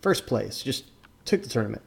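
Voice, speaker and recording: A man's voice: mid-range voice, sing-song, normal speed, creaky, slightly rough. A man and former card tournament judge giving casual commentary, rambling with lots of fillers and restarts.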